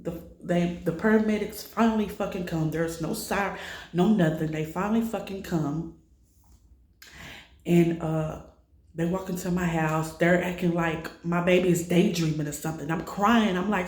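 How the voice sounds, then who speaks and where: A woman's voice: on the low side, steady tone, moderate pace, a little mellow, reverberant. Distressed mother, raw and swearing. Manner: raw, distressed, swears freely while retelling. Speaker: mother recounting her child's illness. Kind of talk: emotional personal vlog storytelling.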